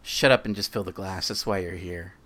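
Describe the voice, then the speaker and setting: A man's voice: mid-range voice, completely flat delivery, unhurried, vocal fry, a bit bright, voice pushed up. A man reading a story aloud voices a drunk, grieving father who pleads and chokes out his denials. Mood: bitter.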